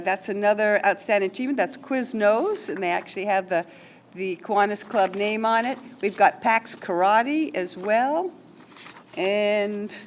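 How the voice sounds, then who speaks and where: A woman with a medium-pitched voice runs a school award ceremony in a school hall or classroom, reading teacher nominations aloud in a chatty, informal way full of asides and fillers. A little hiss or hum can be heard.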